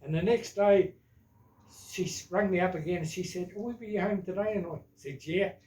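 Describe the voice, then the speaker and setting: A man's voice: high voice, normal speed, darkish tone. An older man with a New Zealand accent, casually telling family stories and jokes, with rambling asides like "right?" and "eh?". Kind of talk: casual storytelling. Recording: echoey room.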